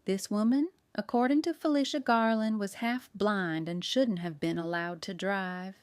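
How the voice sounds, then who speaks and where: A woman voicing a shrewd, folksy older woman baker who talks in a slow, homespun, musing way. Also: medium pitch, clean tone, dry recording, lightly acted.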